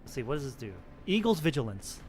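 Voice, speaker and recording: A man's voice: medium pitch, very animated, fast, music in the background. A man streaming a game, chatting casually, joking and reading story text aloud. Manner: chatty, joking, laughs often.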